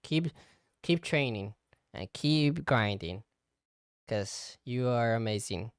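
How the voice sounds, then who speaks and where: Rambling young man, smooth voice. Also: mid-range voice, expressive, takes it slowly, no echo, studio quality. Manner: rambling, lots of fillers and likes. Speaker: VTuber podcast host. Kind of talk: casual solo podcast chat.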